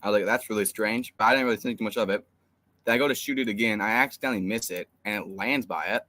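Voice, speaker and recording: A young man co-hosting a fan live stream rambles through an exasperated story with lots of fillers in casual chat. He talks fast, with a lowish voice and a sharp tone.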